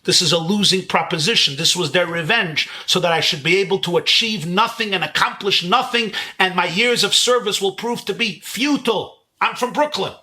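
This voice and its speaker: A man from Brooklyn quoting an upset congresswoman in a lowered, aggrieved voice during a lecture. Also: moderate pace, few pauses, pushed and bright. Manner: aggrieved, insistent. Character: upset, indignant woman congresswoman.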